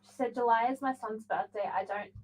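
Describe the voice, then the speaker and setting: Soft-spoken woman reading comments. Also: fairly high pitch, fairly even intonation, brisk, slight background noise, rough recording. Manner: soft, reads comments aloud off-mic. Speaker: co-host reading listener comments.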